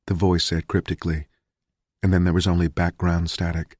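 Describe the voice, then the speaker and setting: A man reading a thriller audiobook in a measured, grim narration. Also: low voice, little pitch movement, a little mellow, husky, dry recording, clean studio sound.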